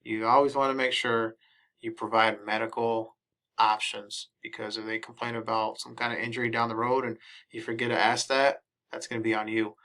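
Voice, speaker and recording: A man giving a casual lesson, reading each English phrase and then repeating the Spanish slowly. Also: fairly low pitch, flat delivery, bright, forceful tone.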